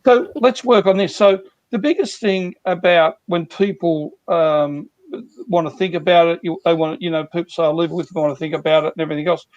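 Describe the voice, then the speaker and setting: Brief: male sales coach, high voice, earnest and repetitive, dry dull call audio. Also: steady tone, a little fast, darkish tone, no echo. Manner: earnest, repetitive, talks through examples. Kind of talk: guest explaining sales techniques.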